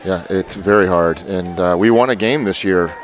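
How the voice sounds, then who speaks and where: A man giving relaxed, chatty color commentary at a high school football game, laughing easily. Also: normal speed. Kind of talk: sports commentary.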